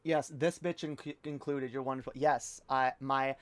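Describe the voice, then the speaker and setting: A woman's voice: rumbling low, fairly even intonation, measured pace, no room sound. A woman streaming a reaction video, ranting heatedly and profanely with frequent restarts. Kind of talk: livestream rant.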